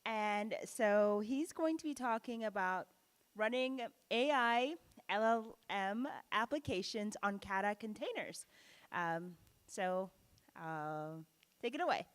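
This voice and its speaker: A woman's voice: mid-range voice, expressive, slow pace, smooth. A woman moderating a conference session, hesitantly introducing the next speaker. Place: conference room.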